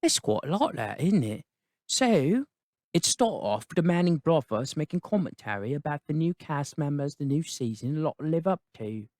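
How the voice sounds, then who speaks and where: A man's voice: fairly high pitch, sing-song, moderate pace, darkish tone, no room sound, clean studio sound. A man voicing a cheeky, rambling adult British fixer in a put-on British accent, dropping slang tags as he chatters. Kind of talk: comedic character review.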